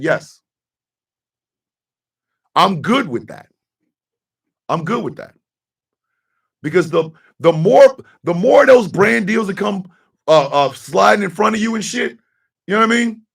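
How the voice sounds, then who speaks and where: On his radio talk show, a middle-aged man delivers a blunt, profane monologue, repeating his points for emphasis. His fairly high voice is gravelly and husky, animated yet measured, with frequent pauses, and he's heard from a short distance off the mic.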